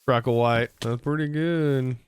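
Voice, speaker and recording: A man's voice: mid-range voice, a little slow, clean tone. A man livestreaming a game, chatting casually to his viewers as he narrates each move he makes. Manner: chatty, narrates his moves and talks to chat. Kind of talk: live gameplay commentary.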